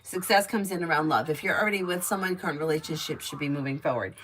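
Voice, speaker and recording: The audio is poor, with slight background noise, as a low-pitched woman talks quickly during a live tarot stream. Giggly and chatty, she shares lively stories between her readings.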